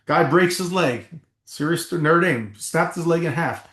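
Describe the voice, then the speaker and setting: A middle-aged former football player from New Jersey appears as a podcast guest, telling emphatic stories in an animated way and swearing casually during the interview. His voice is fairly high and a little slow, in an echoey room.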